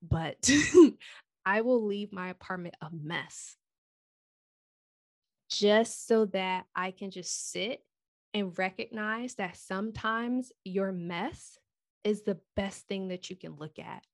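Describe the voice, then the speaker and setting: A woman talks openly in a relaxed conversation about her own life. Her voice sits at an ordinary pitch and sounds dry and close to the mic. She drops to soft, near-whispered asides, then rises into loud, animated bursts. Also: slow pace, no echo. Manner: candid, animated storytelling with swings from soft to loud. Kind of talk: casual chat.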